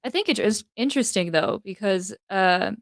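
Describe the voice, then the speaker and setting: A woman's voice: mid-range voice, animated, normal speed, dry recording. Reflective young woman, dry close sound. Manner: thoughtful, filler-heavy, reflective. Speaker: guest, host's daughter. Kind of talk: casual heartfelt conversation.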